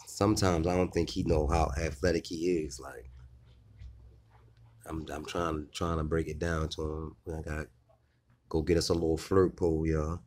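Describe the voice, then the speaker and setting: A man's voice: very deep voice, little pitch movement, normal speed, a little mellow. A man in a laid-back, joking vlog chat with his viewers about his dogs, often checking in with "you know what I mean". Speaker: dog owner and vlogger.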